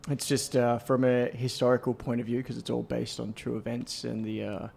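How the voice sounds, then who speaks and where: A man's voice: medium pitch, flat delivery, moderate pace, gravelly, darkish tone. A man co-hosting a casual chat, rambling with lots of fillers and restarts. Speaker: podcast co-host.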